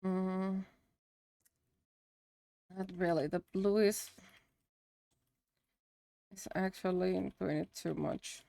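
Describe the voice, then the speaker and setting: A woman's voice: medium pitch, steady tone, extremely slow, creaky, pauses often, warm tone, no room sound, clean studio sound. A woman streamer chatting casually to herself as she works on a drawing. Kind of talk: casual chat while drawing.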